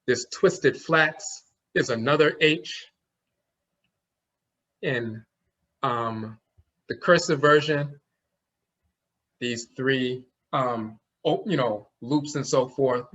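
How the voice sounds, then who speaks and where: A man's voice: medium pitch, takes it slowly, pauses often, a bit bright. Guy lecturing a class, sounds out letters as he goes, kinda dull lo-fi audio. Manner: explanatory, demonstrates sounds aloud. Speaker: language teacher. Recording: dull lo-fi recording.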